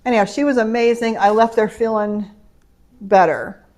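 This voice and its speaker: A woman's voice: fairly high pitch, steady tone, normal speed, darkish tone. A middle-aged woman, chatting casually at home on camera about a shopping haul, rambling from story to story. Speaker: vlogger. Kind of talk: casual haul vlog chat. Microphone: camera mic.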